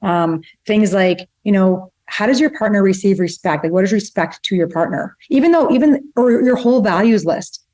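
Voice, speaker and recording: A middle-aged woman co-hosting a relationship podcast in casual conversation, chatty and quick to retell family stories. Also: medium pitch, a little mellow. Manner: fast, chatty, retells stories acting out both sides. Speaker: podcast co-host, relationship psychologist.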